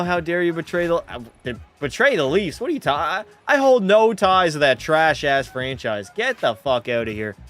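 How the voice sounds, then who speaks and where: A man's voice: a little high, creaky, a bit bright. Rowdy, tipsy young man streaming a game. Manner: rowdy, profane, mock play-by-play, reads chat aloud. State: tipsy from a few drinks. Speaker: gaming streamer. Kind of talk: live-stream commentary.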